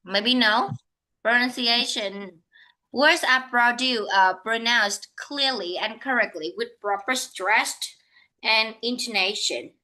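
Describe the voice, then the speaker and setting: A woman with a Vietnamese accent teaching English one-on-one over an online call. Her voice sits a little high and sounds bright and sharp. She speaks slowly, often repeating and correcting her own words. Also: rough recording. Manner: slow, repeats and corrects herself.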